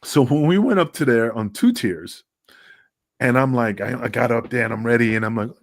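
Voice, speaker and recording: A man's voice: mid-range voice, lively intonation, moderate pace, no echo, studio quality. A middle-aged man, a wrestling guest, telling a story in casual chat, acting out quotes and swearing freely.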